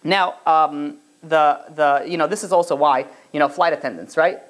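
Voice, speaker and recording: A man, a rabbi, giving an animated Torah class, often restarting his sentences and acting out the voices he quotes. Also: fairly high pitch, normal speed.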